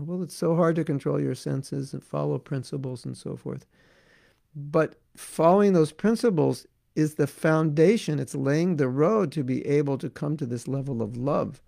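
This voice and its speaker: Gravelly, mellow-voiced man teaching devotion. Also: a little high, dry recording, studio quality. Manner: earnest, repetitive build-ups, frequent "you know". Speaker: spiritual teacher. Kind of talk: devotional talk with reading of viewer questions.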